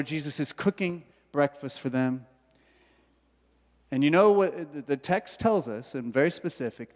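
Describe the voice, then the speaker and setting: A pastor preaching a sermon, telling the story in a lively way and acting out the characters' thoughts. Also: male voice, mid-range voice. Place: church hall. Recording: hall reverb.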